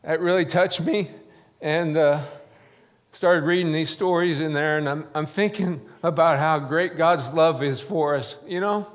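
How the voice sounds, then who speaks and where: Male pastor, slightly higher voice, tender halting storytelling, long church reverb. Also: steady tone. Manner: gentle storytelling, emotional, with many pauses and fillers. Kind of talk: sermon. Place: church sanctuary.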